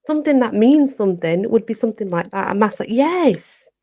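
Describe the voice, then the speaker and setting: A woman from Barnsley with a Yorkshire accent, hosting a relaxed live chat and answering viewers, who says "you know" again and again. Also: on the high side, normal speed. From Barnsley, Yorkshire, England. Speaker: livestream host.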